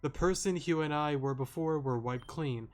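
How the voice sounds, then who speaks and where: A man reading aloud the lines of a remorseful young woman detective in a game, slow and earnest. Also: medium pitch, fairly even intonation, soft background music, close to an everyday voice. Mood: solemn.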